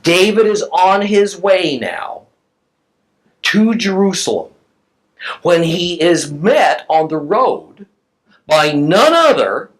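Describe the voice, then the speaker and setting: A man's voice: on the high side, poor audio. A man teaching a recorded Bible class who reads scripture aloud and explains it emphatically to his listeners.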